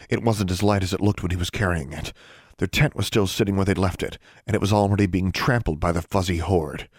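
Low-voiced man narrating a fantasy story. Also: dry recording, studio quality. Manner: steady, even storytelling with brief voiced dialogue. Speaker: audiobook narrator. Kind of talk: scripted narration.

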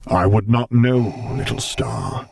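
Vader, as a male reader puts him on, slow rumble. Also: vocal fry, a little mellow. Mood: gentle. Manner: slow, measured, placid. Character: towering armored man, calm, rumbling, protective.

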